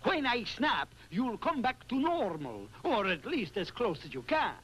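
A vain cartoon hypnotist: high, lively, theatrical patter. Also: male voice, measured pace, noisy background. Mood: mesmerizing. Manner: grandiose, theatrical, smooth patter. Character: pompous male stage hypnotist showman. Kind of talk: 1960s TV cartoon voice acting.

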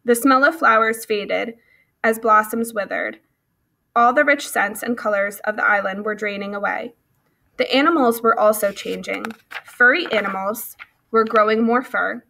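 Female storybook reader, bright and clear, steady pacing. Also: on the high side, moderate pace. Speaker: audiobook reader. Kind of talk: reading a children's novel aloud.

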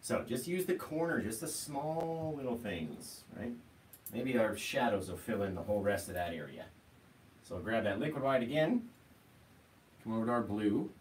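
A man's voice: fairly low pitch, normal speed. Chatty man teaching painting, roomy sound. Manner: relaxed, chatty, keeps asking "right?". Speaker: painting instructor. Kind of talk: live painting tutorial. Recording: roomy sound, mic at a distance, faint noise.

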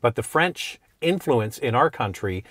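A man's voice: mid-range voice, animated, unhurried, fairly bright tone, breathy edge. A Canadian man with a mid-range voice explains things in a casual, reasoning way as he co-hosts a car talk. The sound is dry and close, with no room echo. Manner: explanatory, talks through his reasoning. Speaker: car show co-host. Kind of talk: casual chat.

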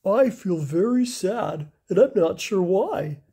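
Reader putting on a big sad orangutan guy, slow n mournful, breathy, a bit higher than the narration. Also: big pitch swings, warm tone, full character voice. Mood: sorrowful. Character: sad gentle male orangutan.

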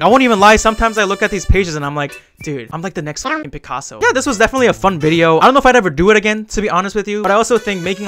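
A man's voice: high voice, fairly bright tone. A young man hosting his own video channel, chatting casually with a friend, mocking himself and laughing often. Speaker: YouTuber host. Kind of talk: casual chat.

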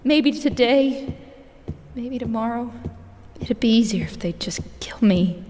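A woman's voice: a little high, animated, a little slow, mellow. An actress voicing a bitter, desperate young woman dying in hospital, who lashes out and then begs, in a video game cutscene. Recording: game audio with long reverb.

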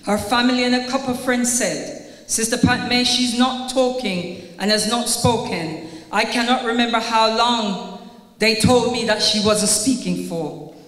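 A woman's voice: a little high, a little slow, a bit bright. Older Jamaican woman, tearful, delivering an earnest eulogy with scripture in a lilting church cadence, long hall reverb. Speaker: funeral tribute speaker. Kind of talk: heartfelt eulogy with scripture reading. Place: church at a funeral service.

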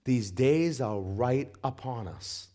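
A man's voice: medium pitch, expressive, takes it slowly, dark tone. A male pastor preaching a sermon in an emphatic, repetitive way, speaking straight to his congregation.

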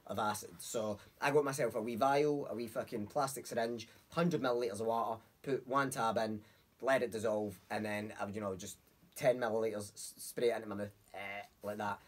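Husky fast-talking Scottish man. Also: lowish voice. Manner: swears a lot, rambling animated anecdotes. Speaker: comedian guest. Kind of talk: casual podcast chat.

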